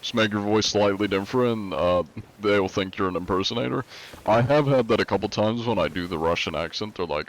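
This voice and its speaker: A young adult man livestreaming, chatting casually with his viewers in a relaxed, rambling way with many fillers. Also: lowish voice, a little fast, a little hiss or hum. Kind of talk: casual chat with stream viewers.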